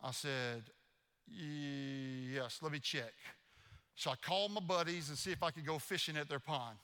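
A man preaching a sermon as pastor, telling stories in an animated, playfully mocking way. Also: fairly high pitch, a little fast, big-room sound. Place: church sanctuary.

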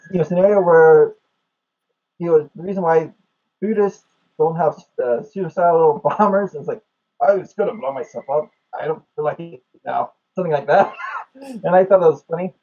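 A man rambles through a casual chat, his voice sitting a little high for a man and mellow in tone. He leans on fillers as he talks. The recording sounds dull and lo-fi. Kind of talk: casual conversation about comedy.

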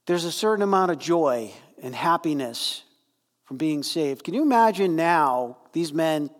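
A man preaching a sermon, conversational and animated, with fillers and quick asides. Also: fairly high pitch. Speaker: pastor. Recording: long reverb from a hall.

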